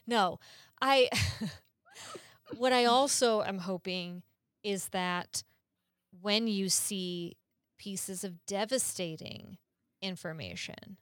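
A woman's voice: mid-range voice, takes it slowly, pauses often, no echo, clean studio sound. A woman co-hosting a podcast, explaining things earnestly in casual chat, laughing often and cursing now and then. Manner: curses casually.

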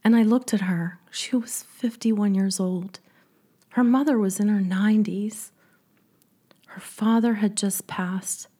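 A middle-aged woman telling a personal story with deep feeling, often dropping to a soft whisper. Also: fairly even intonation, takes it slowly. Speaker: speaker and coach.

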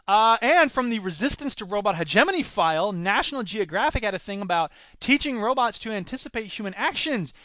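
A man hosts a solo podcast, reading news stories and breaking off into sarcastic, rambling asides. His voice sits high for a man. The recording is dry and close, with no room sound. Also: lively intonation, brisk, a bit bright, no room sound. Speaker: podcast host.

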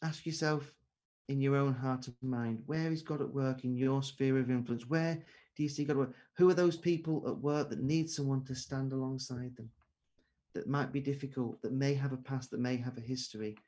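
A man's voice: medium pitch, steady tone, moderate pace, warm tone. A man preaching an earnest sermon over a video call, asking rhetorical questions.

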